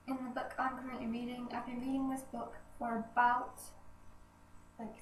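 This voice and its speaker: A young woman with a cold, chatting in a rambling, self-deprecating way as a vlogger in a hallway. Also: on the high side. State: nasal from a cold. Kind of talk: casual vlog chat. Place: indoor hallway outside a bedroom. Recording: echoey hallway, distant camera, faint hiss.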